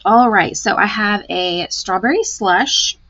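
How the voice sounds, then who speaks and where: A woman's voice: mid-range voice, expressive, slow, a bit bright, muffled recording. A woman giving a live craft tutorial, chatty and gushing as she talks through each step. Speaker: card-making demonstrator.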